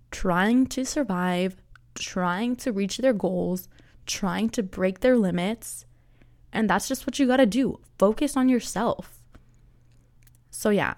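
A woman's voice: medium pitch, darkish tone. A young woman hosting her own podcast, chatting casually in a rambling way with lots of fillers and frequent laughs. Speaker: podcast host. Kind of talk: casual solo podcast chat.

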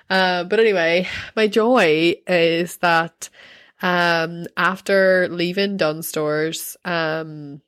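Woman, casual co-host, low-pitched and rambling, laughs a lot. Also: a little slow, a bit bright. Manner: chatty, rambling, filler-heavy, laughs often. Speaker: podcast co-host, mother of a toddler. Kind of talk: casual chat, storytelling.

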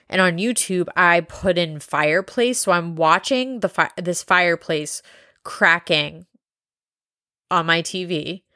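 A woman's voice: fairly low pitch, pushed and bright, dry recording, studio quality. Blunt, swearing woman podcaster. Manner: blunt, profane and rambling. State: high. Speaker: podcast host. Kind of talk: casual solo podcast monologue.

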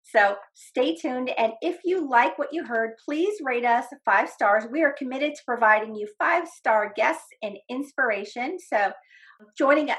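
Woman podcast host, warm and enthusiastic, higher-pitched voice. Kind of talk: casual podcast chat.

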